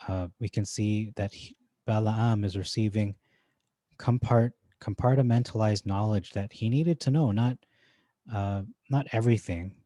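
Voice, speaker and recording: Low, mellow-voiced man comparing scripture. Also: dry recording. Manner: thinking aloud, with frequent "uh" and restarts. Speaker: Bible teacher. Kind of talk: informal verse-by-verse scripture comparison.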